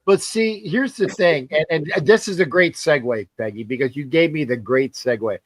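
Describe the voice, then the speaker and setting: A man's voice: fairly high pitch, normal speed, no room sound. A man hosting a casual sports talk show, rambling, repeating words and joking. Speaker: host.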